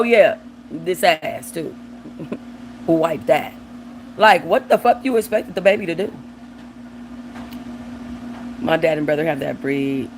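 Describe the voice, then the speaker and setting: A woman's voice: mid-range voice, slight background noise, poor audio. A woman hosting a livestream, giving blunt, profane commentary on viewer comments and talking aside to her dog. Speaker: livestream host.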